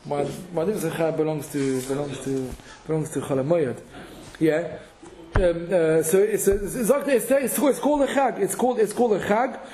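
A man with a fairly high voice teaches a halachic lesson, thinking aloud with many restarts and repeated words. His talk is peppered with Hebrew and Yiddish terms. The room around him is echoey and reverberant. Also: normal speed, dark tone. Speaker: Torah teacher.

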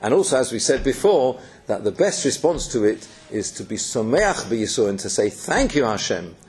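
Man, Torah teacher, earnest lecturing voice, mid-range pitch. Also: sing-song, moderate pace, a little mellow. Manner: earnest, with yeshiva terms.

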